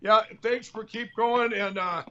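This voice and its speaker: A man's voice: sits high, fairly even intonation, a little slow, lo-fi sound, crowd noise. A man hosting a political talk show, rambling and combative, repeating himself as he talks. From Minnesota. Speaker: show host.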